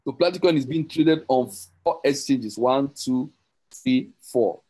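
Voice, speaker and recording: A man giving an excited, rambling sales pitch on an online call, repeating and correcting himself as he goes. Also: unhurried, rough recording. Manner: rambling, repetitive, self-correcting, teasing. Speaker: crypto promoter hosting a group call.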